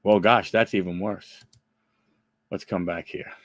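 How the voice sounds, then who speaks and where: A man's voice: low voice, fairly even intonation, measured pace, fairly bright tone, dry recording. A man hosting a live card-opening stream, chatting with viewers by name and reading off player names as he flips through cards. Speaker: card break host.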